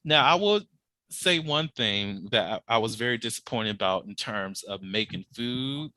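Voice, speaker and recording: A man hosting a podcast in casual chat, telling animated, profane stories and laughing often. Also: fairly low pitch, moderate pace, dry recording. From Georgia, USA. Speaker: podcast host.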